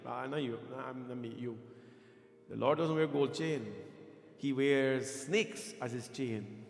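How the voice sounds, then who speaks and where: A man's voice: medium pitch, unhurried, gravelly. A man speaking as a pandit, teaching a sermon and coaching Sanskrit pronunciation while teasing his congregation. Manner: playful, quizzes and teases the congregation. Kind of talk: temple sermon with teaching and chanting. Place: temple hall. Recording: echoey hall with music behind.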